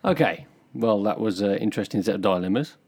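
A man co-hosting a casual podcast, relaxed and jokey, who also reads out the show's sign-off. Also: lowish voice, fast talker, husky. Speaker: podcast co-host. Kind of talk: casual chat.

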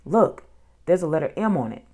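A woman's voice: deep voice, expressive, moderate pace, warm tone. A woman voicing a cautious, thoughtful young boy in a storybook, asking puzzled questions.

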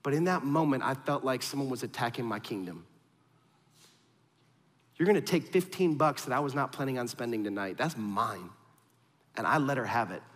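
A pastor in his thirties preaching a conversational sermon, telling stories against himself and speaking straight to his listeners. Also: medium pitch. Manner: storytelling, self-deprecating, direct address to the congregation. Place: church auditorium. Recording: long reverb of a large hall.

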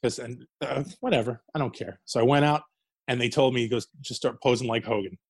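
A man's voice: mid-range voice, steady tone, fairly quick, breathy edge, no room sound. A man telling wrestling stories in a casual interview, swearing freely and laughing as he goes. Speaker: guest, former wrestler.

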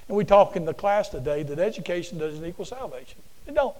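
Preacher man, high voice, folksy and animated, repeats himself telling a story. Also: a little fast, rough recording. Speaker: preacher and teacher. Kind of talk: storytelling sermon.

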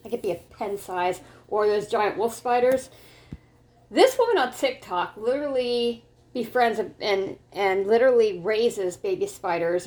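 A woman talking casually to her viewers in a rambling, excitable way, restarting sentences often. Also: medium pitch. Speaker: vlogger. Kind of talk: casual talk to camera.

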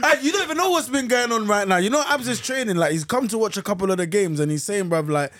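Teasing podcast regular, a touch high, dry close sound. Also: male voice, lively intonation, fast, a bit bright, dry recording. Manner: teasing, joking. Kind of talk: casual banter.

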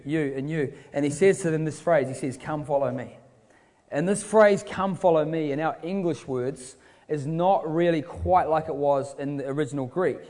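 A young man with a New Zealand accent delivers a sermon that moves between scripture and casual, joking stories. His voice sits a little high for a man. It carries a long reverb, as if he is speaking in a large hall. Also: a little mellow. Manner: casual, joking asides to the crowd. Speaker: preacher. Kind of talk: sermon with storytelling.

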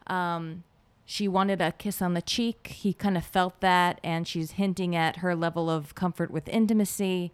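A woman's voice: lowish voice, steady tone, measured pace, few pauses, clear, resonant tone. A woman co-hosting a podcast in casual chat, giving thoughtful, analytical commentary. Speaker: podcast co-host.

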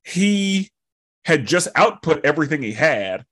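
Podcast host guy, kinda high voice, swoops around a lot, acts out his reactions. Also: very animated, measured pace, fairly bright tone. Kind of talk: casual chat.

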